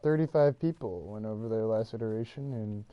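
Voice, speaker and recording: A man's voice: fairly low pitch, brisk, clear, resonant tone, dry recording, highs cut off. A man co-hosting a podcast, chatting casually and jokingly while playing a game. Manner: jokey, loose, laughs often. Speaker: podcast co-host. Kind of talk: casual chat while gaming.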